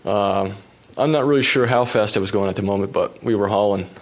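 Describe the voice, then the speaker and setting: A man with a low voice recounts a crash-filled day of racing as a professional cyclist. He tells it in a relaxed, self-deprecating storytelling manner and drops in fillers. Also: a little fast. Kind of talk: storytelling a personal anecdote.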